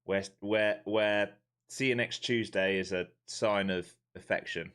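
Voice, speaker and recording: A man's voice: lowish voice, steady tone, unhurried, a bit bright, clean tone. A man with a London accent chatting casually on a live stream while giving blunt, laid-back market commentary. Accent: London English. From London, England. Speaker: live-streaming day trader.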